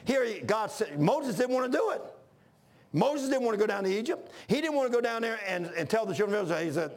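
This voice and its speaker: Man preaching a shouted, folksy sermon; high, raspy-edged voice. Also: big pitch swings, fast talker. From Washington, D.C. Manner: fervent, often shouting; folksy, says "man" a lot.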